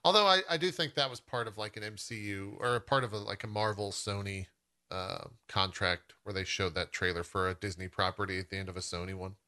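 A man's voice: fairly low pitch, brisk, bright, forceful tone. A man hosting a podcast in loose, casual chat, full of fillers. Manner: loose and chatty, many "like" fillers. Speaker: podcast host.

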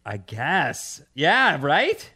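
A man's voice: fairly high pitch, huge pitch swings, drawn-out words, bright, forceful tone, breathy edge. A man co-hosting a radio show, chatting casually and reading out offbeat news stories. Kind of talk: casual chat.

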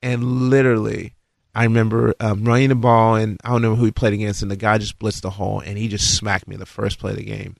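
A man telling a long, animated story about his football days, acting out his own lines. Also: a little fast, gravelly, no echo, studio quality. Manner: animated, acts out dialogue with rising pitch. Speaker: guest recalling his football career. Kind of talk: casual storytelling.

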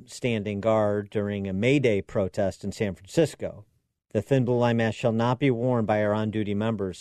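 A man's voice: lowish voice, warm tone, no echo, studio quality. A man hosting a talk radio show, giving sarcastic commentary with mocking asides and frequent fillers. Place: radio studio.

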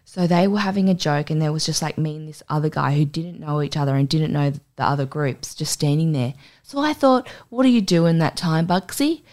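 A woman's voice: sits low, lively intonation, brisk, darkish tone. A young woman hosting a podcast, telling a story in casual chat and acting out the voices with crude humour. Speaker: podcast host.

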